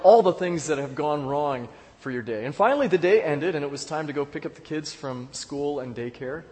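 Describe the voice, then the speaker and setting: Pastor telling a story in an echoey hall. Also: male voice, a little high. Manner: storytelling with pauses and repeated words. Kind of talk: sermon. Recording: echoey hall with long reverb.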